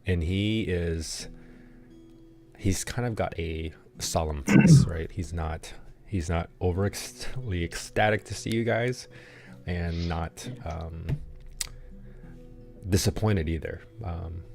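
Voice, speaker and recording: A man narrating a tabletop game as game master, in a halting way with many pauses and restarts. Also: low voice, vocal fry, darkish tone, soft background music.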